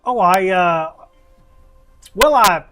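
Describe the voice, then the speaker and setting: A man's voice: high voice, animated, very slow, pushed and bright, faint music behind, full character voice. A man voicing a male wizard with a put-on Southern drawl, folksy and chuckling. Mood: flustered. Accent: American Southern, put on.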